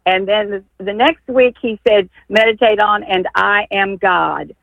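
A woman calling in to a radio show from Texas, telling a long story in an excited, emotional, rambling way. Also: mid-range voice, unhurried, vocal fry, dry recording. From San Antonio, Texas. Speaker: caller. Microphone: telephone. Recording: tinny phone line, dry.

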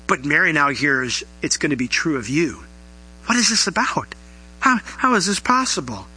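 A man delivers a sermon in a very bright, ringing voice pitched a little high. He preaches in an animated way, lifting his voice on emphatic questions. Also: poor audio. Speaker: pastor.

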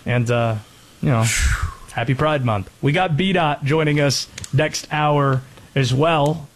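A man hosting a sports radio show, talking casually about basketball picks with a joking manner. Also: on the high side. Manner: conversational, joking, quick.

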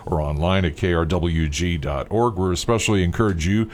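Deep-voiced man hosting a pledge drive. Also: brisk, slight background noise. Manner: rambling, filler-heavy. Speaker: radio host. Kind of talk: casual pledge-drive chat.

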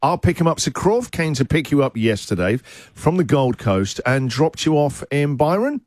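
A man hosting a radio show, teasing his co-host in quick, playful banter. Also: on the high side, no room sound, studio quality. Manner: teasing, lively, quick to laugh.

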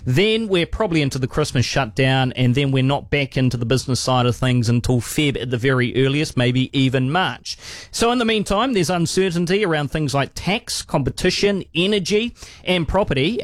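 A man's voice: medium pitch, brisk, no room sound, studio quality. A man with a New Zealand accent co-hosting an afternoon talk radio show, chatting casually and often restarting his sentences. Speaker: radio co-host. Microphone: studio microphone.

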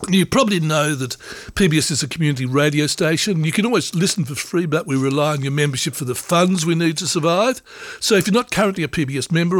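A man's voice: on the high side, dry recording. Man, radio presenter, upbeat, reading listener names, dry studio sound. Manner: upbeat, grateful, rattling through names. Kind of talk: reading out listener memberships on air. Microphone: studio microphone.

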